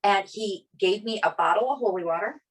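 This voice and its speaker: A woman co-hosting a podcast talks fairly fast in a medium-pitched voice with a breathy edge. Drawing on her Italian family background, she tells a personal story in casual chat, acting out quoted people with plenty of "like" fillers.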